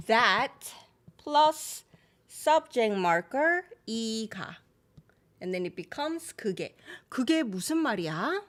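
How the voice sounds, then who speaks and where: Lively woman teaching a language. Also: a little high. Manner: explains in English, models Korean phrases quickly; reads viewer chat, laughs easily. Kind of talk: live-streamed language lesson.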